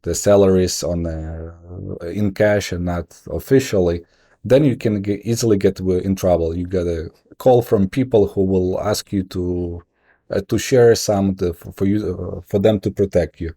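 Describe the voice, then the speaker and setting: A Ukrainian-accented man speaks as a guest in a relaxed interview. His voice sits low and warm, and he tells stories in an animated, halting way, full of restarts. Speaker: guest, investor and entrepreneur. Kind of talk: casual interview storytelling.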